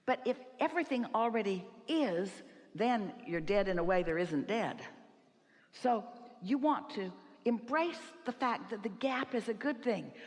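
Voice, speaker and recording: A woman giving an inspirational talk to a seminar audience, speaking as a collective "we" in an emphatic, rhetorical way. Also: medium pitch. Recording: hall reverb, live event.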